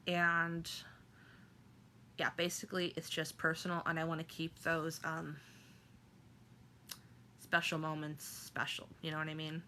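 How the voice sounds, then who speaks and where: Bright-voiced woman telling an emotional story. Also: low voice, slight background noise. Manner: halting, emotional, many fillers and restarts. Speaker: vlogger. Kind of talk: personal storytelling to camera.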